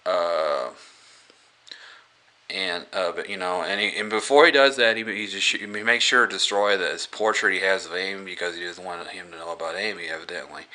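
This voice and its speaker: A man retells a horror film's plot in a casual, rambling way, full of fillers and restarts. His voice is low and deep, with a bright, forceful edge. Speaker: movie reviewer. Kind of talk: casual film review.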